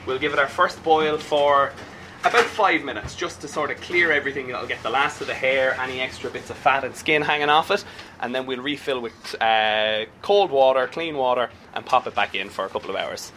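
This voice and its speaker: A man cooking, explaining in a relaxed way how he boils the meat. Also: mid-range voice, brisk. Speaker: cook. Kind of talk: explaining a recipe. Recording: noisy on-location recording.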